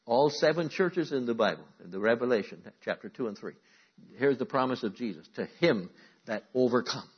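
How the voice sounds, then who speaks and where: A man preaching a sermon to a congregation, calling out to the room and moving between loud emphatic lines and quiet asides. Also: medium pitch, animated, fairly quick, husky, highs cut off. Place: church.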